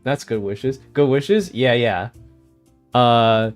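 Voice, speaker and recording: A man's voice: mid-range voice, slow, faint music behind. A man streaming live and chatting casually with viewers, rambling and easily distracted, often laughing. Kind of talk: casual chat with livestream viewers.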